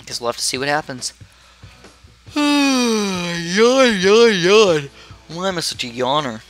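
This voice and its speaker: Bright-voiced chatty man at his headset. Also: mid-range voice, normal speed, faint music behind. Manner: chatty, rambling, easily distracted. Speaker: gaming commentator. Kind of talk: casual gameplay commentary. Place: his own room.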